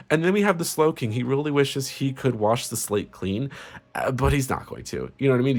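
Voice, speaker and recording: A man talks through a casual tarot reading at a middle pitch, crude and sarcastic. He sounds gleefully spiteful, relishing every jab as he lays out the cards. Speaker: tarot reader.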